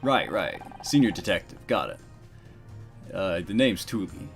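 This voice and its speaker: A man's voice: low voice, sing-song, measured pace, creaky, soft background music, heavily acted. A man doing a dopey bodybuilder handyman. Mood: laid-back. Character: dim, boastful young male handyman and bodybuilder.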